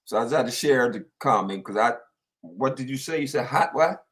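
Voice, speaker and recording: A man co-hosting a casual sports talk show, animated and rambling, repeating himself as he tells stories. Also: mid-range voice, a little fast. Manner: animated storyteller, repeats himself, lots of fillers.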